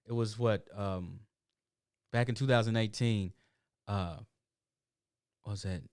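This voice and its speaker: A middle-aged man talks through a loose, storytelling monologue as host of his own show. His voice is smooth and clear, recorded close and dry with no room sound. He wanders through emphatic asides and restarts. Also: fairly low pitch, steady tone, slow, darkish tone, dry recording. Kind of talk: casual livestream monologue.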